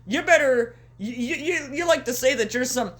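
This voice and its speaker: A woman's voice: high voice, moderate pace, natural voice. A woman putting on a chipper, cartoonish voice for a smug male wrestling villain who taunts his rival. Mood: mocking.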